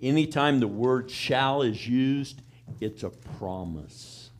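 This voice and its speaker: A folksy country preacher, a man of middle pitch who talks in a plain, down-home way. He keeps asking his congregation "amen?" and "all right?" between his points. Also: animated, slow pace. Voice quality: plain country-boy way of talking. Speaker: pastor. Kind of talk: sermon.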